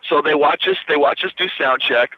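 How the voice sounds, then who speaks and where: Animated male storyteller on dull radio. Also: fairly high pitch, fairly quick, dry recording. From Minnesota. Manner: animated storyteller, acts out quoted voices, swears casually. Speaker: guitarist guest. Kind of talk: casual storytelling interview. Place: radio studio. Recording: dull dry radio recording.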